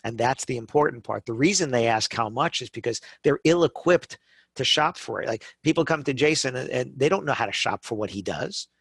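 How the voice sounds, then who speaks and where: A middle-aged man in easy podcast conversation, spinning sales stories with lots of energy and acting out the customers he describes. He keeps checking in with a quick "right?". The sound is close and dry. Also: medium pitch, gravelly, slightly rough, dry recording. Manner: animated storytelling, acts out customers, frequent "right?" tags. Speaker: guest speaker on wedding business.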